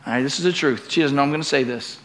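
Racing along at medium pitch, a middle-aged man preaches from the pulpit, swinging between loud, emphatic passages and relaxed, joking moments with the people in the pews.

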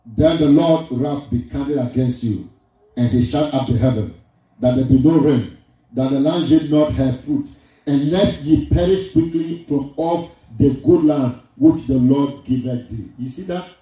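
A man's voice: mid-range voice, a little slow, mellow. A man preaching a sermon, repeating his lines for emphasis in a sing-song cadence. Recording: distant, very echoey hall with faint music.

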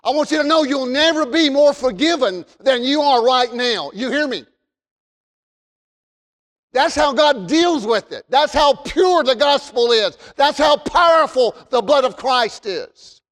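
A man preaching a sermon from the pulpit in an emphatic way, repeating phrases and rising to shouts. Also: very high voice, animated, a little slow. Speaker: pastor. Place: church sanctuary. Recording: long reverb of a large hall.

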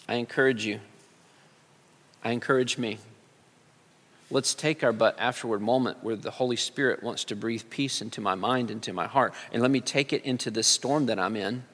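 Earnest male pastor preaching in a reverberant hall. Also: mid-range voice. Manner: earnest, rises to loud pleading when quoting cries. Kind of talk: sermon.

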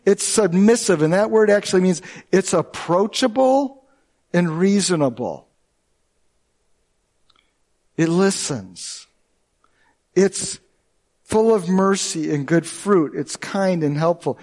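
Brief: male pastor, high voice, earnest and emphatic sermon delivery. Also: expressive, unhurried, a little mellow. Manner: earnest and emphatic, with shifting pace.

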